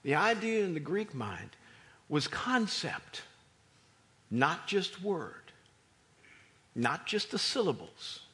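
Male pastor, sermon, bright tone, husky edge. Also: on the high side, slow, pauses often. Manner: animated preaching, rising to near shouts for emphasis.

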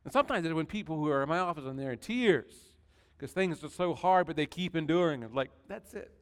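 A man's voice: fairly high pitch, lively intonation, fast, clear, resonant tone, in a large hall. A male pastor preaching a sermon in a conversational, folksy way with asides to the congregation.

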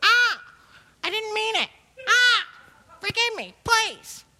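A man voicing a foul-mouthed pet parrot with shrill squawking cries in a sermon joke. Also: very animated, slow, sharp tone, exaggerated voice. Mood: pleading.

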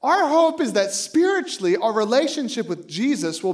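A man in his late thirties preaches with a high, bouncing voice that swings widely in pitch. He tells stories animatedly, acting out both sides of a conversation and laughing easily as he goes. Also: moderate pace. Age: late 30s. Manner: animated storytelling, acts out both sides of the dialogue; laughs often while speaking. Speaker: pastor. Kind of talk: sermon.

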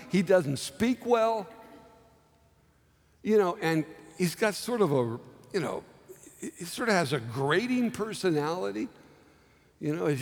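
A man preaching a sermon in a church sanctuary, his fairly high voice trailing into a long hall reverb. He slows right down to press his points and voices quoted pleas with feeling. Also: a little mellow. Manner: dramatic slow emphasis, acting out quoted pleas. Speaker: pastor.

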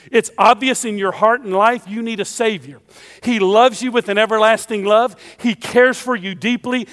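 A man's voice: sits high, a bit bright, big-room sound. A man preaching a sermon in a church, emphatic and repeating his key phrases.

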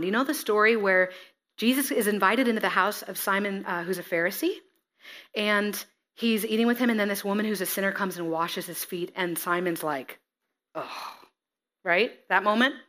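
A woman preaching a sermon, reading scripture and acting out the figures with lively expression. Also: mid-range voice, moderate pace. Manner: expressive, acts out scripture figures, laughs at herself.

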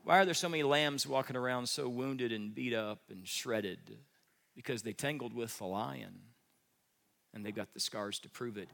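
A man preaching a sermon as pastor, animated, with humor and acted-out voices. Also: medium pitch, gravelly, big-room sound. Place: church sanctuary.

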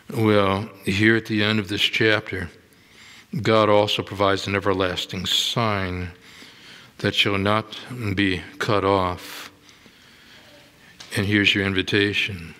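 A man preaching a sermon in a church, slow and deliberate, giving dramatic readings of scripture. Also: on the low side, pushed and bright. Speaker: pastor. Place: church sanctuary. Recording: long hall reverb.

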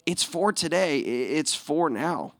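A man's voice: fairly high pitch, measured pace. A male pastor telling a story in a sermon, laughing often and acting out the lines of the people in it. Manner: animated, laughing, acts out quotes.

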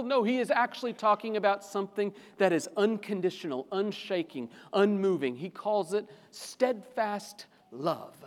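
A man with a high voice preaches to a congregation, swelling into fervent pleading as he drives home his points. His voice rings out with a long reverb in a large church sanctuary. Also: moderate pace. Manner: impassioned, rising to fervent pleading. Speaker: pastor. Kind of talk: sermon.

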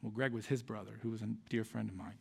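A man, a pastor preaching a sermon in a church and telling a personal story in an earnest, conversational way that drops to soft, quiet lines. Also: fairly low pitch, fairly even intonation, fast, creaky, husky. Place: church sanctuary.

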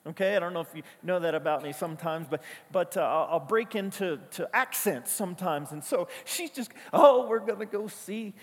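High, husky-voiced pastor preaching. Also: male voice, brisk, few pauses, in a large hall. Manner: conversational, storytelling, emphatic repetitions. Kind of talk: sermon.

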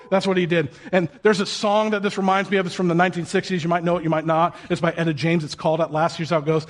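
High-voiced joking male preacher. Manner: lively, joking, bursts into sung and shouted asides. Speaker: pastor. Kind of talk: sermon.

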